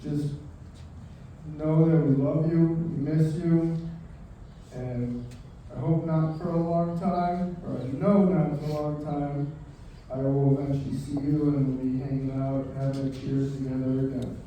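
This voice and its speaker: Slow-spoken man, far off in an echoing room. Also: fairly high pitch, level tone, warm tone, a little hiss or hum. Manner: halting, with pauses and restarts. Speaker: son giving a eulogy. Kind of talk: memorial speech with a toast.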